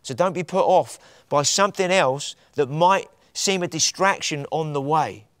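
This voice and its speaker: A preacher quoting a gentle male teacher, hushed and soothing, in a slightly high voice. The sound is dry and close, with no room around it. Each word is soft and reassuring. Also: a little slow, no room sound, lightly acted.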